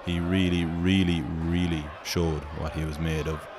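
Brief: Irish male host, very low voice, sweary rambling banter in mock sports-commentary style. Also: little pitch movement, unhurried, noisy background. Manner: profane, joking, rambling banter.

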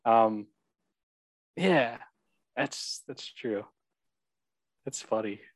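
Tipsy man, mid pitch, jokey interjections, dry close sound. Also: lively intonation, no echo. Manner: joking, quick interjections. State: a little tipsy. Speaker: podcast co-host. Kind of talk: casual movie review chat.

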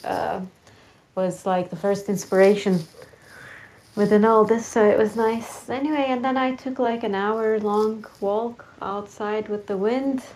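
A woman's voice: mid-range voice, steady tone, a little slow, darkish tone, poor audio. A woman co-hosting a podcast in casual chat, upbeat and chatty with frequent fillers. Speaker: podcast co-host.

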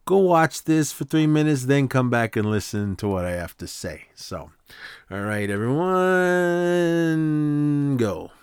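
A man's voice: medium pitch, expressive, moderate pace, hardly any pauses, darkish tone, smooth, dry recording. A man hosting a podcast, casually recapping a short film in a rambling way, with frequent fillers and restarts. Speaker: podcast host.

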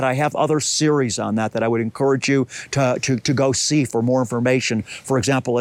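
A man's voice: a little high, dry recording. A man preaching an earnest, emphatic sermon and leading a prayer.

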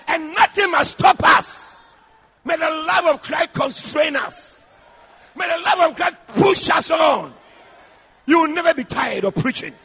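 A man preaching a fiery sermon, shouting repeated lines with call-and-response cries. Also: extremely high pitch, animated, a little slow.

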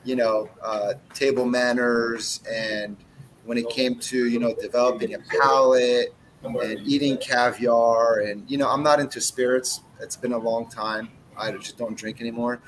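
A man's voice: mid-range voice, fairly even intonation, measured pace, a little hiss or hum, low-quality recording. Brash, profane cigar-business man. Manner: blunt, profane, brash storytelling. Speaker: cigar brand owner. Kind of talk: casual interview chat.

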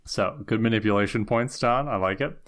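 A man co-hosting a podcast, walking through a TV episode's plot in casual chat, earnest and quick to get indignant. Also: fairly low pitch, a bit bright. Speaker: podcast co-host.

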